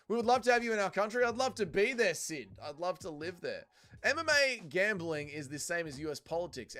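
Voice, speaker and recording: Casual male streamer, a bit high-pitched. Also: fairly bright tone. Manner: reads viewer comments aloud and answers them, loose and profane. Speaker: livestream host reading chat. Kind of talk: casual livestream chat.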